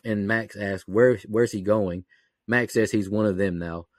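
A man with a lowish voice works through a plot recap on a podcast mic, scene by scene. His delivery is steady and matter-of-fact. The sound is close and dry. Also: a little slow, no room sound. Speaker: podcast co-host.

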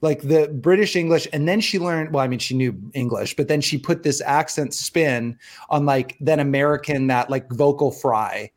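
This young man's voice is fairly high and runs at a normal speed. He's a chatty, joking co-host on a relaxed podcast, frequently laughing and starting his lines over.

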